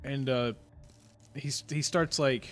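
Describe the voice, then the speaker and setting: A man's voice: mid-range voice, fairly even intonation, slow. A man narrating as game master of a tabletop game, hesitant and full of fillers. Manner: hesitant, filler-heavy narration, laughs often.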